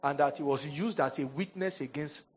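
Guy pastor, husky voice, preaching n cracking jokes, acts out what people say. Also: a little high, normal speed. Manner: animated storytelling, jokes and mock quotes. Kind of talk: sermon.

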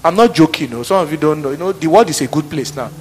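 A man preaching a sermon, animated, laughing and acting out office scenes. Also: a little high, fast, faint music behind.

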